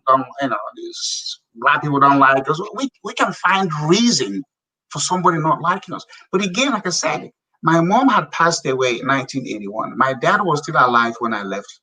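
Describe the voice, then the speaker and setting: A man's voice: medium pitch, sharp tone, far from the mic, rough recording. A middle-aged man from Nigeria with a Nigerian accent, a guest in an interview, telling his story in a blunt, emphatic way. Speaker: guest, businessman. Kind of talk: interview conversation.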